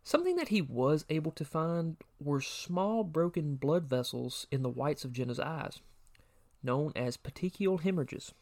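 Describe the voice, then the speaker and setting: A man's voice: on the high side, animated, normal speed, a little mellow. A man co-hosting a true crime podcast, reading a prepared case summary with occasional personal asides. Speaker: podcast co-host.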